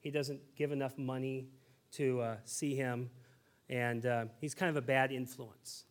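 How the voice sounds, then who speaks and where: A pastor in his thirties preaches a sermon, telling a story in a lively, conversational manner. His voice sits in the mid range, and he keeps a measured pace.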